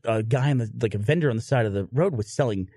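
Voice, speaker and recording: A man hosting a podcast, telling a story in a casual, animated way, swearing and laughing through it. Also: mid-range voice, fast talker, husky.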